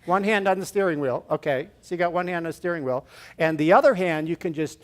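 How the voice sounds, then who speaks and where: A man speaking as guest at a church service, giving an inspirational talk with lively acted-out scenes and inviting his listeners to join in a gesture. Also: on the high side, fast talker. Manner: animated, acts out little scenes and leads the audience in a gesture. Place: church room with an audience.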